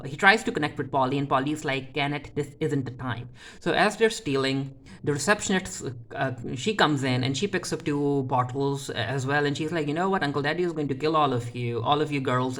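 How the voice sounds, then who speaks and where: A casual reviewer recapping a TV episode, pitched in an everyday middle range. They keep slipping into loose paraphrases of what each character said, stumbling and restarting with plenty of filler words along the way. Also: fairly bright tone. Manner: retells scenes by loosely paraphrasing characters' lines. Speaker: TV show reviewer.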